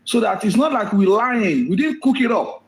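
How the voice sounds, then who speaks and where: Host in an echoey room. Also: male voice, high voice, lively intonation, moderate pace. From Nigeria. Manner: relays viewer requests, reassuring, conversational. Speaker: live-stream host. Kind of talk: live-stream hosting.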